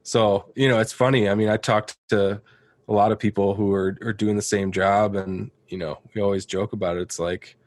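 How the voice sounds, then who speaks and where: A man in casual podcast conversation, his voice sitting on the low side and recorded close and dry with no room around it. He tells stories at an unhurried pace and laughs easily along the way. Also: fairly even intonation, a little mellow, no room sound. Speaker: podcast guest, studio engineer. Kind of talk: casual chat.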